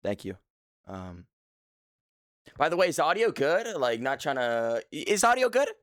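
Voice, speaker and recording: A man's voice: fairly high pitch, big pitch swings, brisk, a bit bright, no room sound, studio quality. A young man hosting a casual livestream, joking and playfully mock-serious, talking from a few feet back from his desk mic at his home setup. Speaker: livestream host.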